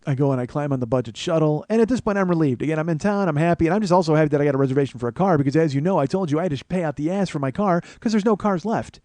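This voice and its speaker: A man's voice: on the high side, expressive, rapid-fire, hardly any pauses, a little mellow, no echo. A man telling a comic story as a podcast host, profane and ranting with mock paranoia.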